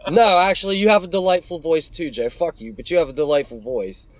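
A man's voice: on the high side, fast, highs cut off. A man co-hosting a podcast, talking bluntly and swearing freely in casual chat. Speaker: podcast co-host.

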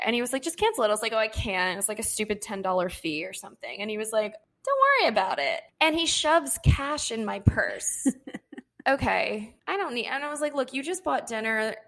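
A young woman co-hosting a podcast, telling a dating story in casual chat, acting out what people said and laughing often. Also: a little high. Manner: animated, quotes people in her own voice, laughs often. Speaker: podcast co-host.

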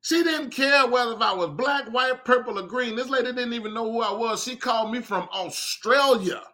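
Animated man with a bright, high voice. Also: normal speed. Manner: animated, chatty, talks to listeners directly. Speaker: podcast host and leather craftsman. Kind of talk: casual storytelling monologue.

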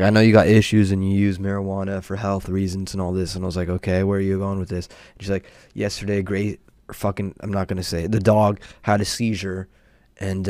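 A young man hosting a podcast rants in a casual, exasperated way, telling a rambling, profane story about his neighbor. His voice is low, and the recording is dry.

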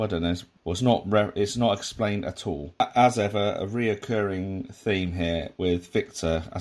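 A man's voice: fairly low pitch, a little mellow. A man giving a casual, rambling commentary on a sitcom episode, with frequent restarts and asides. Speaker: podcast host reviewing a sitcom.

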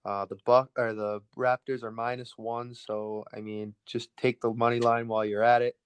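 A man co-hosting a casual sports podcast, running quickly through his betting picks. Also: medium pitch, little pitch movement, clean tone, dry recording. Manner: rapid-fire, rattles through picks. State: out of breath.

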